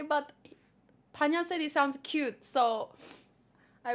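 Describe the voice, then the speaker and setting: A woman's voice: sits high, expressive, unhurried. A woman reading a comic aloud and chatting about it, gushing and emotional. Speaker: manga read-along host. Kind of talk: casual comic read-aloud with commentary.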